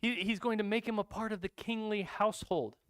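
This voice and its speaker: A male pastor preaches with an animated storytelling style, slipping into casual asides. His voice sits on the high side for a man. The sound is dry and close, with no room echo. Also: fairly quick. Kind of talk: sermon.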